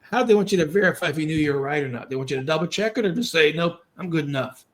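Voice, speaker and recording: Guy hosting a podcast, talks fast n explains a lot, kinda high voice, encouraging. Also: animated. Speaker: podcast host and reading instructor. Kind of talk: conversational coaching.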